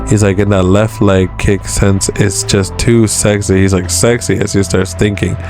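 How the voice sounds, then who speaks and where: A man's voice: low voice, little pitch movement, moderate pace, music in the background. A man in a casual manga chapter recap who retells each scene in a loose way and keeps saying "he's like.". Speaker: manga reviewer.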